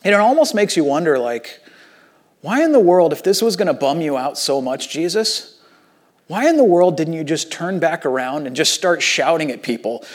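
A male pastor preaching a sermon in an animated, conversational way, swinging between loud emphasis and hushed passages. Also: fairly high pitch, normal speed.

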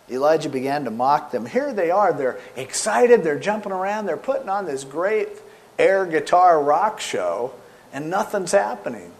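A middle-aged man preaches to his congregation with a voice that sits a little high and swoops widely. He tells the scripture story with sarcasm and acts out its quotes. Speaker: pastor. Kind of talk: sermon.

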